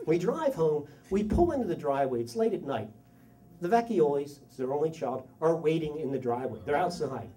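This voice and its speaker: A middle-aged man tells a story live on stage in a self-mocking, animated way, acting out other people's lines. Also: on the high side, fairly quick, far from the mic. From Delaware County, Pennsylvania. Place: story slam venue.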